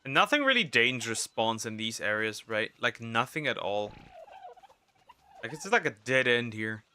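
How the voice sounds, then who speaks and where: A man's voice: mid-range voice, very animated, moderate pace, sharp tone, clear, resonant tone. A young man casually rambling to himself as he streams a survival game. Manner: rambling, talks to himself while playing. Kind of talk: casual gameplay commentary.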